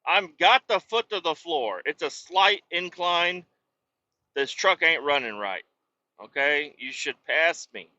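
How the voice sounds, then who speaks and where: A man's voice: a little high, expressive, takes it slowly, sharp tone, no echo. A man driving a truck and vlogging from the cab, rambling about family and swearing at his sluggish truck. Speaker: truck driver. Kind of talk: casual vlog while driving. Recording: dull lo-fi sound.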